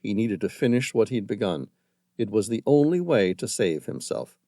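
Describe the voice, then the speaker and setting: A man narrating an action thriller audiobook in a dramatic, measured storytelling manner, close to the mic. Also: fairly low pitch, sing-song, dark tone, no echo. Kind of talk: scripted narration.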